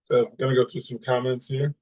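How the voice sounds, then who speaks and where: Male podcast host, monotone, reads listener comments plainly. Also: medium pitch, fast talker. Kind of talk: casual podcast chat, reading listener comments.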